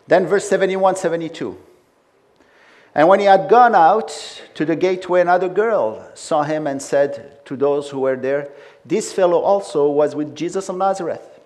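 Emphatic male preacher, slightly high voice. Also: a little mellow. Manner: emphatic preaching with frequent asides. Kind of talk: sermon.

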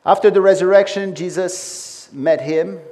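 A man's voice: sits high, a little slow, a little mellow. A man preaching a sermon with emphatic delivery and frequent conversational asides.

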